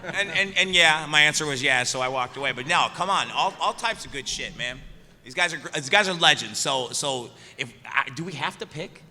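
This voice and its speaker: A man's voice: medium pitch, fairly quick, sharp tone, in a large hall. A man telling rowdy, profane stories on a convention panel, laughing often and talking animatedly. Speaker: panelist, musician.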